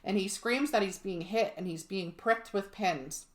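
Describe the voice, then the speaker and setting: A woman's voice: medium pitch, measured pace. A woman co-hosting a podcast, telling a spooky history story in a sarcastic, swearing, laughing casual chat. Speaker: podcast co-host. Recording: roomy echo.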